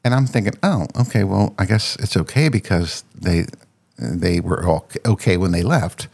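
A man's voice: low-pitched, normal speed, creaky, darkish tone. A man hosting his own podcast, casually telling a rambling personal story and often restarting his sentences. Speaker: podcast host.

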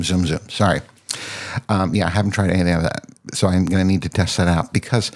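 A low-pitched man in casual podcast chat, speaking into a boom-arm dynamic mic at a home desk. He rambles, interrupts himself and hunts for the right word. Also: creaky. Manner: rambling, self-interrupting, searching for words. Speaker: podcast host. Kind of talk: casual gear demo chat.

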